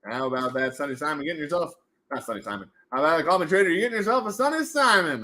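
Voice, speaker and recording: A man hosts a casual livestream from home, goofy and animated and forever slipping into silly voices. His voice sits fairly high for a man. It swoops wildly up and down from line to line. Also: very fast. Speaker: livestream host running giveaways.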